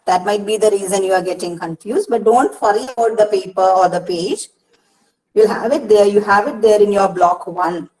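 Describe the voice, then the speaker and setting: A woman's voice: mid-range voice, moderate pace, darkish tone, low-quality recording. A woman with an Indian English accent, teaching as a university counsellor in an online lecture, patient, repeating words and breaking them into syllables. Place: Kerala, India regional study centre session.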